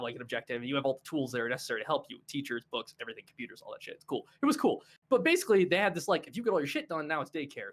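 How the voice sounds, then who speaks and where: A man in his twenties, a podcast co-host telling a story in casual chat with animated, profane delivery. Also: medium pitch.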